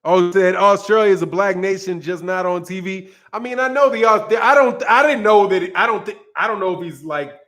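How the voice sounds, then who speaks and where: A man with a high-pitched voice hosts a boxing live stream. He talks loosely and jokes with his viewers, reading their chat and answering it on the spot. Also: brisk, few pauses, a bit bright. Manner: loose, joking, talks straight to chat, frequent laughs. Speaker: boxing channel host.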